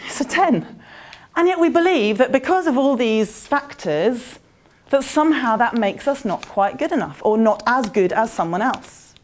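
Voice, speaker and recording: A woman's voice: a little high, lively intonation, normal speed, slight background noise. A woman giving a motivational presentation at a conference. She talks in a conversational way and puts questions to the audience. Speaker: conference speaker. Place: conference venue.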